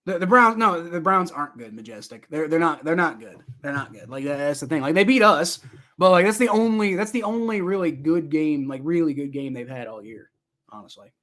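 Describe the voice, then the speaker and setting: Host, male, fairly high voice, rambling live sports reaction, answers chat on the fly. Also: lively intonation, brisk, a bit bright. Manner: rambling, chatty, talks back to viewer comments.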